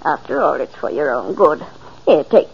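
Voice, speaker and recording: An actress playing a fussing, gently bossy housekeeper in a 1940s radio drama. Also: female voice, sits low, sing-song, normal speed, gravelly, breathy edge, full character voice. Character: motherly housekeeper, fussing and caring. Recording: muffled old radio recording.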